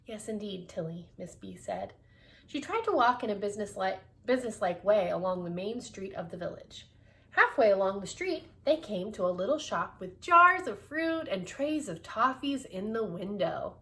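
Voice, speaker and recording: A woman's voice: mid-range voice, sing-song, normal speed, sharp tone. A woman reading a children's book aloud, with playful asides to her listeners. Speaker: reader.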